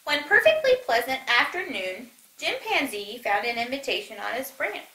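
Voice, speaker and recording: High-voiced woman reading a kids' book, really animated, echoey room. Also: normal speed. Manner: animated, voices each animal with pitch jumps. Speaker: children's story reader. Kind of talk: reading a picture book aloud. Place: church.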